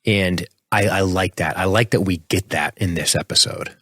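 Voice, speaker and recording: Low-voiced man recapping a show. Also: moderate pace, no echo, clean studio sound. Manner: recaps scenes in a relaxed, chatty way. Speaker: podcast co-host. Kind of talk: casual podcast chat.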